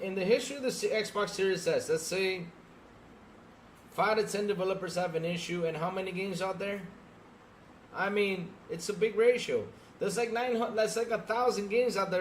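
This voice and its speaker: Heated and exasperated, this man co-hosts a gaming podcast and rants at listeners with one rhetorical question after another in livestream style. His voice is high-pitched, with a bit of background noise behind it.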